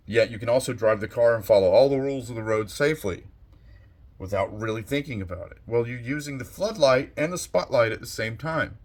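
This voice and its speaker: A man giving a slow, thoughtful monologue as a channel host, soft-spoken and unhurried. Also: fairly low pitch. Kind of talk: reflective monologue.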